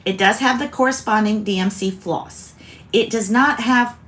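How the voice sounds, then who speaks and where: A woman's voice: a little high, normal speed, fairly bright tone. A woman from South Carolina, hosting a chatty, rambling craft video and often interrupting herself. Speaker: host. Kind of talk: casual chat.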